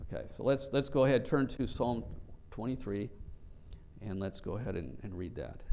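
A man preaching a Bible study, reading scripture slowly and earnestly and often repeating words as he explains. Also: on the low side, animated, mellow.

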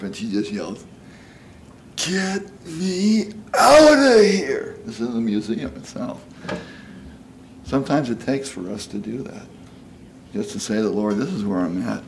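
A man's voice: lowish voice, darkish tone, a little hiss or hum. Folksy older man preaching. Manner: folksy, asks "you know?" often, acts out quoted voices. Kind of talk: conversational sermon.

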